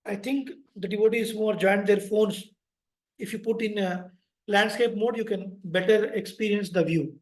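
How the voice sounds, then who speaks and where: High-voiced Indian man teaching chants. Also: fairly even intonation, echoey room, low-quality recording. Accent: Indian English. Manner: slow drawn-out chanting, patient spelling-out of sounds. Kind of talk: online sloka class, call and response.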